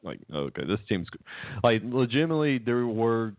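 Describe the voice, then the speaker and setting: Co-hosting a laid-back sports podcast, a man rambles along, frequently restarting sentences and laughing at his own jokes. His mid-range voice is very animated at a moderate pace, and the line is tinny and phone-like, dry with no echo.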